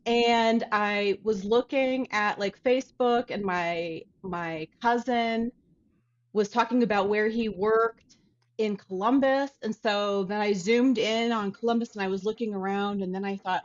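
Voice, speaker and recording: A woman artist from Ohio telling a story in a casual interview, chatty and animated. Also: medium pitch, moderate pace, highs cut off. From Dayton, Ohio. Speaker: artist guest.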